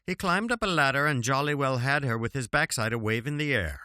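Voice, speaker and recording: A man's voice: medium pitch, animated, a little fast, sharp tone, dry recording, clean studio sound. A man reading rhymed comic verse aloud at home, with wry, chuckling asides between the verses. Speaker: reader. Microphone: home recording setup.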